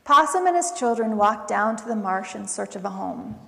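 A woman pastor leading children's time in a church, speaking gently to the children and reading them a storybook. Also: mid-range voice, animated, normal speed, creaky. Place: church sanctuary. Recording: long church reverb.

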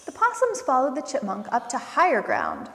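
A woman pastor leading children's time in a church, speaking gently to the children and reading them a storybook. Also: high-pitched, huge pitch swings, moderate pace. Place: church sanctuary. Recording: long church reverb.

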